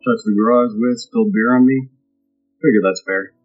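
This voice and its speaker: A man playing in a tabletop game, laid-back and deadpan in manner. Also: mid-range voice, normal speed, soft background music. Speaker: player. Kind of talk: casual play at a tabletop game. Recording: dull lo-fi stream audio.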